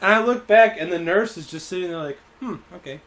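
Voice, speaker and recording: A man streaming a game and chatting casually, telling a story with animated retellings, putting on other people's voices, and laughing often. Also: sits high, quick pace. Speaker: teacher at a camp in Japan. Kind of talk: casual chat while gaming.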